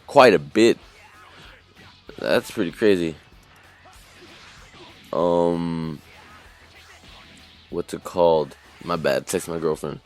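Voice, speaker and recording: A man casually recapping an anime episode as a reviewer, rambling with lots of fillers and restarts. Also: low-pitched.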